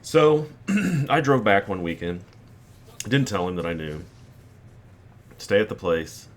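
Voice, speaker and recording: A man's voice: lowish voice, big pitch swings, takes it slowly. A man in his forties hosting a gaming channel, telling a rambling personal anecdote over gameplay and acting out the quotes.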